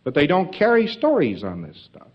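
A man's voice: on the high side, wildly swooping pitch, normal speed, lo-fi sound. A man giving an informal lecture to trainees in a folksy, emphatic way, with joking asides.

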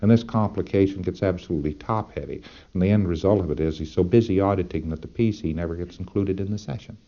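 Low-voiced man lecturing, dull lo-fi tape. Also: quick pace, warm tone. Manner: folksy, emphatic, rhetorical asides. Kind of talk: lecture to trainees.

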